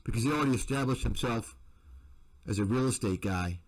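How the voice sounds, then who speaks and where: A man's voice: mid-range voice, brisk, rough recording. A man, an investment commentator, delivering a combative, repetitive rant to his viewers. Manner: combative, repetitive, name-calling.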